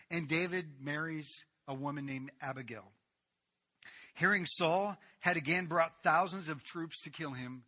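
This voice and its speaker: A man preaching a sermon, retelling a Bible story in a lively way with casual asides. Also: fairly high pitch.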